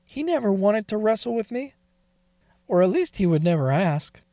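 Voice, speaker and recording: A man's voice: high voice, dark tone, dry recording, studio quality. A man telling a first-person confessional story in a confiding, emotional way that wavers toward tears.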